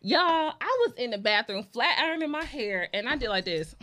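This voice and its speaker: A woman's voice: fairly high pitch, animated, fairly quick, few pauses, fairly bright tone. A woman in her thirties telling a story in a casual chat and talking straight to the audience as y'all. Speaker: guest.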